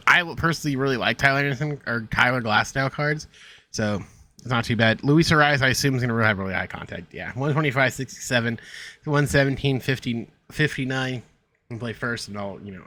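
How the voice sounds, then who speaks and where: A young man talks through a video game's new cards in a loose, rambling way, reading numbers aloud and tossing in sarcastic jabs. His voice sounds bright and slightly sharp, sitting at an ordinary pitch for a man. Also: no room sound. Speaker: gaming streamer. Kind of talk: casual game commentary.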